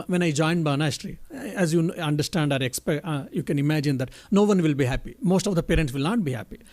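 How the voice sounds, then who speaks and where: Monk speaker, high-pitched man, gentle halting teacher giving a spiritual talk. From India. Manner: halting, self-correcting, gentle storytelling. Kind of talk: answering a question in a spiritual talk.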